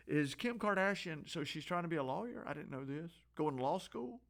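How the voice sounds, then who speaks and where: A man's voice: on the high side, animated, brisk, hardly any pauses, a bit bright. Opinionated man reading headlines. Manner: offhand and opinionated, with frequent restarts. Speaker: host. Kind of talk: casual news commentary.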